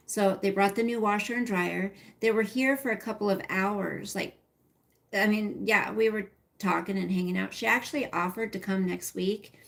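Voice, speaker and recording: Her voice is medium-pitched and creaky as this middle-aged livestream host chats away casually. She wanders from topic to topic, greeting viewers by name and reading their comments aloud.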